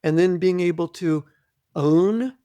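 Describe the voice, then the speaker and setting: A man guesting on an interview podcast, explaining things deliberately, repeating his points and often clearing his throat. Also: high-pitched, mellow, no room sound. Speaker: guest, trauma author. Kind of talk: conversational interview, teaching.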